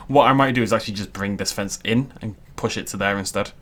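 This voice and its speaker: A man's voice: lowish voice, fast, fairly bright tone. A young man giving casual, jokey let's-play commentary as he builds in a game. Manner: chatty, self-deprecating, jokey asides. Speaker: gaming YouTuber.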